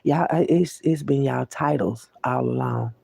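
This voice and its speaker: A woman's voice: extremely low pitch, a little slow, vocal fry, darkish tone, husky, no room sound. A woman delivering an unscripted monologue rant to the camera, profane and preachy, with repeated words for emphasis, often calling listeners "baby.". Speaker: vlogger.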